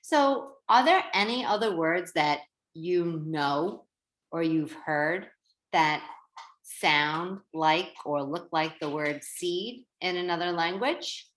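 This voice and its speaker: A woman teacher giving a reading lesson to young children, slow and sing-song, stretching out words. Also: lowish voice, lively intonation, fairly bright tone. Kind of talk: early-grade reading lesson. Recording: roomy echo.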